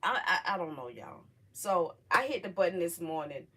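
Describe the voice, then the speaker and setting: A middle-aged woman hosting a casual livestream, talking emotionally and haltingly to her viewers, close to tears. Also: on the low side, expressive, bright, forceful tone, slightly rough. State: on the verge of tears. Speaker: livestream host.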